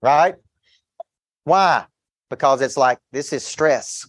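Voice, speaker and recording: He speaks slowly, at a medium pitch, with a fairly bright tone, in clean studio sound without echo. A business coach, he gives an intense motivational seminar talk to an audience, weaving in stories with quoted back-and-forth dialogue and repeating words to push his ideas.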